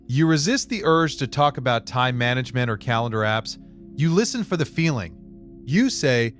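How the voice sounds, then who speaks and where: A man narrates a scripted self-help piece in a middle-pitched voice that rises and falls with lively variety. He speaks in a measured, deliberate way and leans on dramatic pauses. Quiet music plays faintly underneath him.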